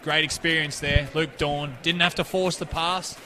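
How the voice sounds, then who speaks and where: A man's voice: on the high side, fairly even intonation, normal speed, sharp tone. Chatty young male rugby co-commentator. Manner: chatty, joking, analytical. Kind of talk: casual sports commentary. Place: commentary box at an outdoor ground. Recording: crowd noise in the background.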